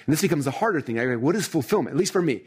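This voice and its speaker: A middle-aged man with a husky voice delivers a motivational training talk to a live audience. He speaks at a rapid clip and keeps the energy up. His speech is full of "right?" and "like". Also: fairly high pitch, lively intonation. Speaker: success coach.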